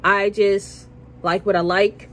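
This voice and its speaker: A woman's voice: medium pitch, flat delivery, takes it slowly, slight background noise, low-quality recording. A woman vlogging casually from her workplace, chatty and passionate, repeating herself and tagging her lines with "okay?". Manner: passionate, now and then gets loud. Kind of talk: casual chat to camera. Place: at work, indoors.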